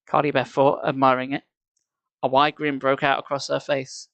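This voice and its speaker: A man's voice: a little high, a little fast, a bit bright, no room sound. A man reading a children's horror book aloud on a livestream, breaking off for casual chatty asides. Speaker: livestream reader. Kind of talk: live storybook reading with asides.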